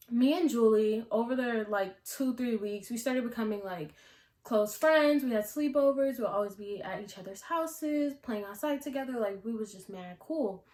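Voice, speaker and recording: Young woman vlogger, casual storyteller, mid-pitched, slangy and chatty, recorded in a roomy, echoing space. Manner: chatty, slangy, many "like" fillers. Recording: echoey room.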